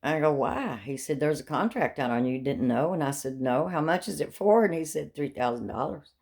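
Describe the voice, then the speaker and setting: A woman's voice: deep voice, lively intonation, brisk, creaky, a little mellow, breathy edge. A middle-aged woman telling rambling personal stories in a talkative way, with morbid jokes and frequent laughs. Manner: talkative, darkly joking, laughs often. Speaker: vlogger telling life stories.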